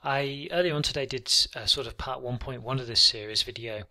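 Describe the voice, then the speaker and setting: A man walking through a coding tutorial on screen, relaxed and thinking aloud with frequent ums. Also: medium pitch, brisk. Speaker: programming tutor.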